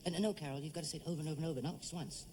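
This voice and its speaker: A man with an English accent, a guest actor bantering on stage and reciting tongue twisters with crisp, precise enunciation. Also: fairly high pitch, steady tone, racing, dark tone, slight background noise. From England. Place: TV studio stage with audience.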